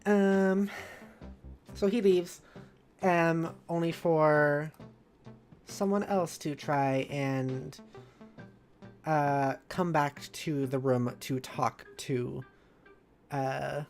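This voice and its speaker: Low-voiced woman rambling on a live stream. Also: fairly even intonation, drawn-out words, pauses often, a little mellow, soft background music. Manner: rambling, filler-heavy, bubbly. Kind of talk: casual live-stream chat.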